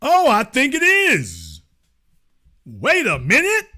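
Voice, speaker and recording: Man, middle-aged, high voice, sharp bright tone, sarcastic host, theatrical mocking questions. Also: wildly swooping pitch, takes it slowly. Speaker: online show host. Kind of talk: sarcastic political commentary.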